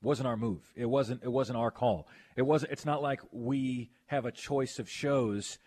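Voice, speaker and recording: A man hosting a sports radio show, chatting casually and reading listener texts aloud. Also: medium pitch. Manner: animated, quick to protest, reads listener texts aloud.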